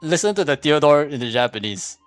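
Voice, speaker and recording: A man's voice: fairly high pitch, lively intonation, brisk, no echo, faint music behind. Rambling, argumentative man, dry sound. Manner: rambling and argumentative, with many restarts and fillers; repeats "here's the thing" when making a point. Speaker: streamer. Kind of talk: casual spoken commentary.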